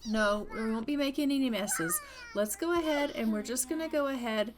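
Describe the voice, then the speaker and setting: A woman's voice: fairly high pitch, moderate pace, noisy background, lightly acted. A woman voicing a weary young mother who talks her children back to bed in a soothing tone.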